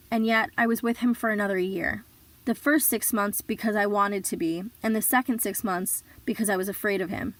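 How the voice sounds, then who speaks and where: A woman reading a survivor's memoir aloud in an earnest, measured storytelling voice. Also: mid-range voice, a bit bright, dry recording. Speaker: reader of survivor stories.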